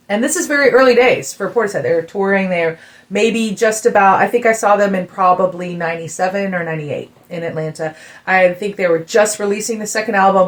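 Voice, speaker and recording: A woman in her forties from the United States, a musician co-hosting a podcast, telling a story with lively acted-out quotes in a casual chat. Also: on the low side. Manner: animated storytelling, acts out quotes.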